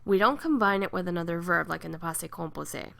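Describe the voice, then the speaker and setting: A woman with a low, gravelly voice walks through verb conjugations in a classroom grammar lesson. She explains each rule patiently, then drills the forms one by one. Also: fast, a bit bright. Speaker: French teacher.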